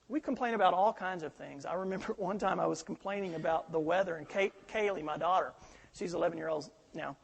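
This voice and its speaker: A man's voice: high voice, fairly quick, creaky, slightly rough, long reverb tail. A middle-aged male pastor preaching a sermon, telling stories animatedly and acting out the quoted voices.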